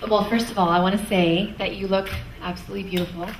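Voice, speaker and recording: A woman's voice: medium pitch, steady tone, fast talker. A young woman from Canada, the maid of honor, giving a fond, light wedding toast and chuckling between lines. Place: wedding reception hall. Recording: echoey hall from far off, faint noise.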